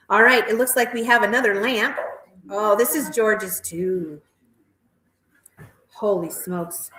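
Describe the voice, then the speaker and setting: A woman auctioneer calling bids at a live auction in a rapid, repetitive chant, with chatty asides about the pieces. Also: mid-range voice, fairly bright tone, faint music behind. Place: auction house hall. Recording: roomy echoey hall.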